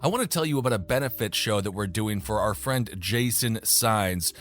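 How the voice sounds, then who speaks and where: A man co-hosting a podcast in casual chat, upbeat and animated, laughing often. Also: fairly low pitch, normal speed. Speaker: podcast co-host.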